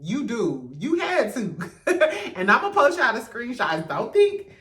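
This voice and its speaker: A woman's voice: a little high, wildly swooping pitch, a little slow, fairly bright tone, distant mic. A woman hosting casual reality TV gossip commentary in a sassy, profane way, laughing often. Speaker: host. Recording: roomy echo, off-mic.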